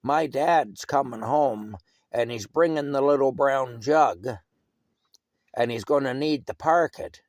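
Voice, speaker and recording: A man voicing a bossy, taunting eight-year-old neighbor boy who yells out a window in a told story. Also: medium pitch, takes it slowly, no echo, clean studio sound. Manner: mocking, yelling.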